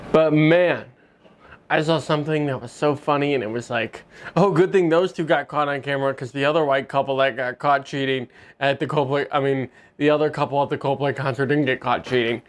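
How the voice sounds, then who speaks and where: A man's voice: medium pitch, slight background noise. A man in his studio, talking casually and rambling with jokey asides while he paints. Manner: rambling, loose, lots of "like" and restarts, jokey asides. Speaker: painter and video host. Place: art studio.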